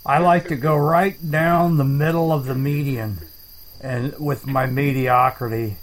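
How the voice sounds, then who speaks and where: A man hosting a comedic chat show, rambling deadpan and making up silly words. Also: medium pitch, unhurried, rough recording. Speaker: podcast host.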